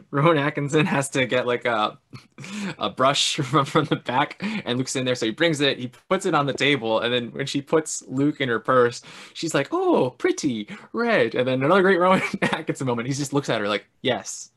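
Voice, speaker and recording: Brief: man, mid-pitched, loose conversational recap, laughs a lot, breaks into goofy impressions. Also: very animated, moderate pace, fairly bright tone. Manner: chatty, laughs often, mimics characters in big voices. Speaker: podcast co-host. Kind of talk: casual film recap chat.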